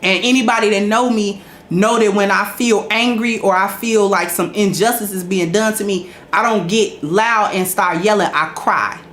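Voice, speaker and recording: Woman host, casual and emphatic, middle pitch, echoey room. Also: normal speed, few pauses, fairly bright tone, slight background noise. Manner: conversational, emphatic, preachy when making points. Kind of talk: casual storytelling talk to a live chat.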